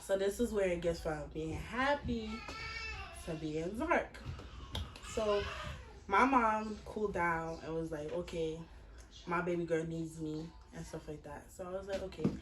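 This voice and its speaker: A woman's voice: lowish voice, measured pace. A woman in her twenties telling a personal story casually, blunt and full of swearing. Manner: blunt, profane, animated retelling. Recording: echoey room, mic far off, faint hiss.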